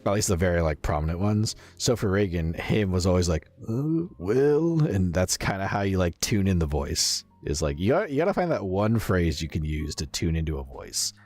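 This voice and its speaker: A man's voice: deep voice, animated, fairly quick, few pauses, darkish tone, soft background music. A male streamer with a stuffy nose, chatting casually with his viewers in a rambling, filler-heavy way.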